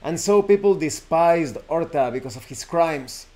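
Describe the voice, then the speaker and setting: The host, a man with a highish, expressive voice and a darkish tone, speaks a little slowly. On his show he retells a horror folk tale in a casual, rambling style, frequently correcting himself and filling pauses with fillers.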